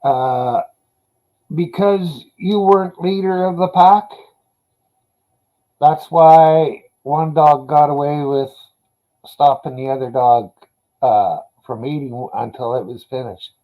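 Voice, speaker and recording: A man's voice: a little high, steady tone, slow, phone-quality sound. A man in casual chat, telling dog stories in a laid-back, profane way.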